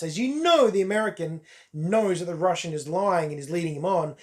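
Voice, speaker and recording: A man's voice: high-pitched, darkish tone. A man, chatting through a casual solo film review to his viewers, emphatic and repeating words for stress. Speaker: movie reviewer.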